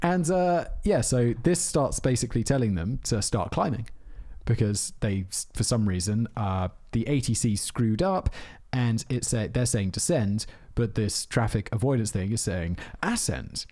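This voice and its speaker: A man chats loosely on a podcast, spinning a story in a rambling way. His pitch swings widely as he talks, and he laughs often as he goes. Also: lively intonation, normal speed, few pauses, warm tone. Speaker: podcast host. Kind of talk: casual chat.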